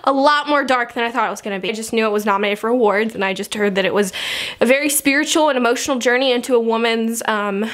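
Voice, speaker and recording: A woman's voice: fairly high pitch, quick pace, a bit bright. A young woman doing a casual film review vlog, emotional and close to tears, laughing between her words.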